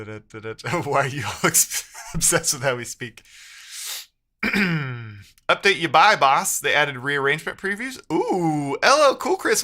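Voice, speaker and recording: A man's voice: mid-range voice, bright, forceful tone. A man streaming live as a programmer, thinking aloud while he codes and chatting with viewers, muttering to himself with playful asides.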